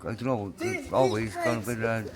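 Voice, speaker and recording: A soft-spoken man answering questions in a halting way, chatting casually outdoors as a local resident. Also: fairly low pitch, a loud crowd. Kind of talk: casual chat.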